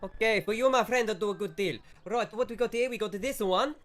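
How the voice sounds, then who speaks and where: A man voicing a burly, hairy shopkeeper who haggles loudly in a put-on Italian accent. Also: very high-pitched, fairly even intonation, racing, pitched above the performer's own voice. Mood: salesy. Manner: loud, blustering mock-Italian haggling.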